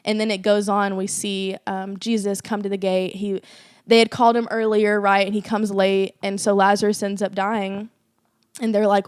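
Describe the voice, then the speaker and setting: A woman's voice: mid-range voice, little pitch movement, moderate pace, smooth, no room sound, studio quality. A young woman co-hosting a faith podcast, telling a personal story in earnest casual chat with lots of fillers. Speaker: podcast co-host.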